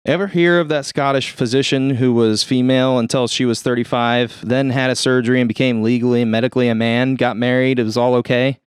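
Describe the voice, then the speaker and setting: A man doing a brisk cheerful surgeon. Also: medium pitch, steady tone, clean tone, dry recording, clean studio sound, natural voice. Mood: explaining. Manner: cheerful, matter-of-fact bedside talk. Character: brisk middle-aged male hospital surgeon.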